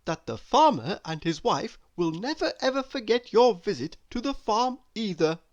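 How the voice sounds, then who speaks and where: A man reading a storybook aloud, voicing a calm, dry father mouse in a slow, wry way. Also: high voice, dull audio, voice pushed up.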